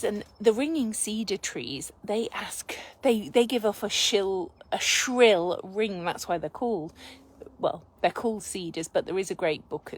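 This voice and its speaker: An Englishwoman hosting a casual live video from under a yew tree, talking softly and often slipping into a whisper, her voice a little worn. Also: medium pitch, poor audio. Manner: soft, often drops to a whisper. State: slightly losing her voice. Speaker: healer and channel host. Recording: faint outdoor background noise.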